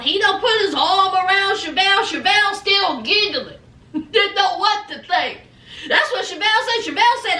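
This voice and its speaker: Chatty high-voiced woman recapping a show. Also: sing-song, sharp tone, reverberant, distant mic. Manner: chatty, laughing, acts out the cast in quick quoted voices. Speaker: reality show recap vlogger. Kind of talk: casual recap commentary.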